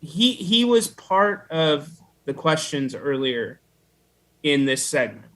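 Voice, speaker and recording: Slow-talking dry male co-host. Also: a little high, very animated, fairly bright tone. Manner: dry, teasing quizmaster. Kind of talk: casual podcast banter.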